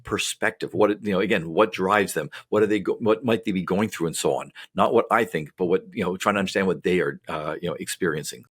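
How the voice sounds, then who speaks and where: A man's voice: sits low, fast talker, hardly any pauses, slightly rough. A man, a psychologist co-hosting a podcast, explaining in a casual, rambling way with many fillers and tangents.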